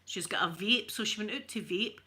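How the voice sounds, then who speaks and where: Bright-voiced chatty Scottish woman. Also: mid-range voice, fairly quick, a little hiss or hum. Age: middle-aged. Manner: chatty, rambling storyteller. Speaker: ASMR creator. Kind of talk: casual chat while ironing.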